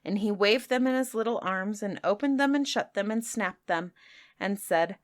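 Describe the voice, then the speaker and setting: A woman podcast host reading children's stories aloud in a measured narration. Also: mid-range voice. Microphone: close home-studio mic.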